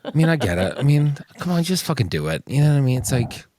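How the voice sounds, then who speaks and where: Male podcast host, loose and playful, swings up and down in pitch, dry sound. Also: very animated, fast, a little mellow, no echo. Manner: loose, swears casually, playful. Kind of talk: casual chat.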